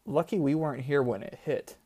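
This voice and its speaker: Man voicing a steady, practical woman guide. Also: on the high side, fairly quick, lightly acted. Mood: animated. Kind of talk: audiobook character voice.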